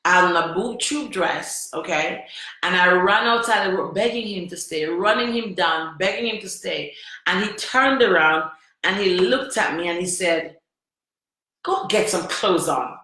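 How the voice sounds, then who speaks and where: A woman's voice: lowish voice, moderate pace, pushed and bright. A woman vlogger telling a personal story with emphasis, repeating phrases and asking the listener questions. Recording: very echoey room.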